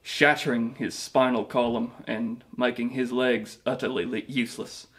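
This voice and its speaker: A man's voice: mid-range voice, fairly even intonation, moderate pace, a bit bright, lightly acted. A man plays a washed-up British rock singer, vain and sorry for himself. He rambles through his mockumentary interview, restarting his sentences as he boasts. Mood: rambling.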